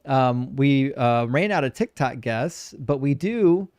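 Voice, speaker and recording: A man's voice: mid-range voice, lively intonation, slow pace, a little mellow, no room sound, studio quality. A man hosting a live call-in debate show, blunt and needling with his callers.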